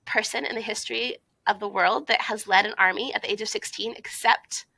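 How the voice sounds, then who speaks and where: A woman's voice: medium pitch, fairly even intonation, brisk, gravelly, sharp tone, no echo, rough recording. A woman giving an informal recorded talk to a youth conference, chatty, with frequent fillers and asides.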